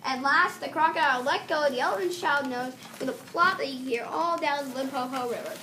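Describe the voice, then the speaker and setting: A woman teacher reading a children's story aloud, pausing now and then to correct herself. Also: sits high, pushed and bright. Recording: distant mic with faint background hiss.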